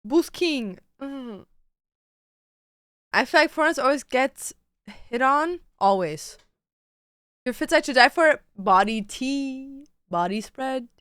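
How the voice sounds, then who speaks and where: High lively young woman streaming. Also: slow pace, pauses often, smooth, dry recording, clean studio sound. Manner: playful, exclaims and sings nonsense words. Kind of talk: casual chat while getting ready.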